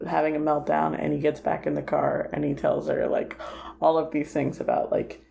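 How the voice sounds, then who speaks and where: A woman co-hosting a casual film discussion podcast, lively and acting out characters' lines as she retells scenes. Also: low voice, normal speed, gravelly, a little hiss or hum. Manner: animated, acts out characters' lines. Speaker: podcast co-host.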